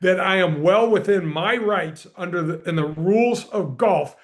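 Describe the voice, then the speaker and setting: A middle-aged man tells his story on a podcast with energy and emphasis. His voice sits high for a man. He punches key words and keeps the telling moving. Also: normal speed. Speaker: podcast guest, former pro golfer and radio host. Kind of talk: animated storytelling in conversation.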